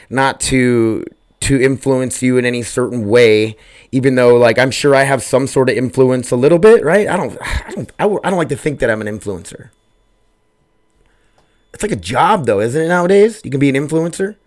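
Medium in pitch and moderate in pace, this podcast host talks casually on his own through a desk microphone in a home setup. He rambles, frequently loses the thread, and makes jokes at his own expense.

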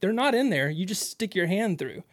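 High-voiced radio co-host. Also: male voice, normal speed. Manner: animated storyteller, acts out voices. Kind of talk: casual storytelling on talk radio.

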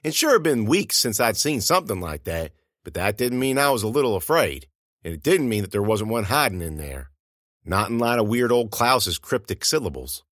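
A male narrator reads a first-person story with suspenseful, expressive storytelling. His pitch moves in a lively way, and the recording is dry and close to the mic. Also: normal speed, no room sound. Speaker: audiobook narrator.

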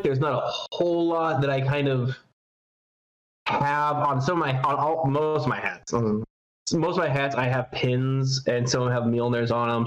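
This is a man chatting on a podcast in an easygoing, meandering way. His voice sits at an ordinary middle pitch, full of ums and likes, with casual profanity slipping in. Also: poor audio. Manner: rambling, with many fillers and casual swearing. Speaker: podcast co-host.

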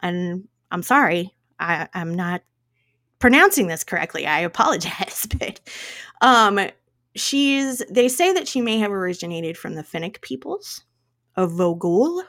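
A woman's voice: lowish voice, sing-song, a little slow, a bit bright. A woman co-hosting a casual podcast, chatty and laughing often as she jokes about her own pronunciation. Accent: regional accent. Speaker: podcast co-host. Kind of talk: casual chat.

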